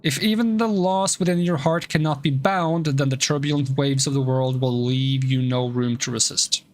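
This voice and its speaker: A man's voice: medium pitch, moderate pace, a little mellow, no room sound, natural voice. A man reading as a solemn ceremonial monk. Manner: formal, ceremonial wording. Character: solemn male monk ordaining a disciple.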